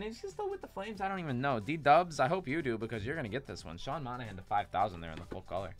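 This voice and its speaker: A man's voice: medium pitch, sing-song, quick pace, few pauses, fairly bright tone, faint music behind. A young man hosting a live card break, chatty and self-deprecating with jokey asides.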